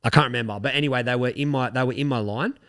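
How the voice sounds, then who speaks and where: A man's voice: mid-range voice, rapid-fire, a bit bright, no room sound, clean studio sound. A young Australian man co-hosting a podcast, chatting casually in a rambling, laid-back way, swearing now and then. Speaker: podcast co-host. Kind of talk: casual chat.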